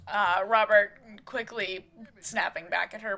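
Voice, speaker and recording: A woman's voice: medium pitch, fairly even intonation, a little slow, pushed and bright. A woman casually narrating her own home-made life-sim soap opera, adding chatty asides.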